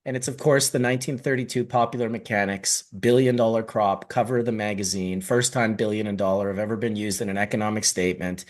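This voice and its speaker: A middle-aged man from Canada, telling a long story in casual podcast chat, animated and full of swearing. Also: fairly low pitch, fast, few pauses. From Canada (Manitoba). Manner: animated, profane, rambling storyteller.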